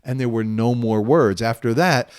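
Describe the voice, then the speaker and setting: A man's voice: mid-range voice, moderate pace, a little mellow, smooth. Earnest man telling a painful personal story. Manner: earnest and emotional, reliving a hard memory. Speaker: video host.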